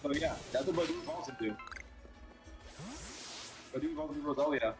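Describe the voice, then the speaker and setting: A man's voice: on the high side, fairly quick, low-quality recording. A man co-streaming a game in casual chat, coaching the player and repeating his advice insistently. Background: game music.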